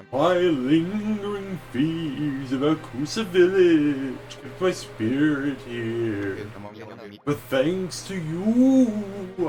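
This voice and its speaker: A man voicing the ghost of a solemn male head priest in a slow, stereotypical ghost voice. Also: a little high, darkish tone.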